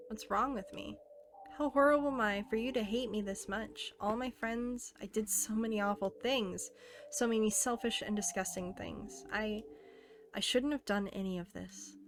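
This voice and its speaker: A woman reading aloud as a self-aware teenage game girl, earnest and intimate, softly pleading. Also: mid-range voice, a little hiss or hum, lightly acted. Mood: remorseful.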